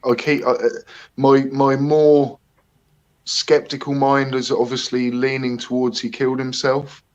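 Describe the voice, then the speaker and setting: Male streamer, chatty host, mid-pitched voice, dull lo-fi audio. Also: flat delivery, measured pace, a little mellow. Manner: chatty, hesitant, greets viewers by name. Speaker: livestream host. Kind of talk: casual live-stream chat.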